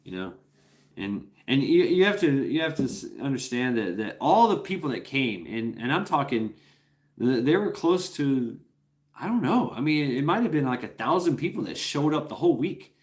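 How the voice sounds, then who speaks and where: A man's voice: medium pitch, big pitch swings, normal speed. A man hosting a casual livestream, telling a rambling, profane story with many restarts and chuckles. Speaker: livestream host.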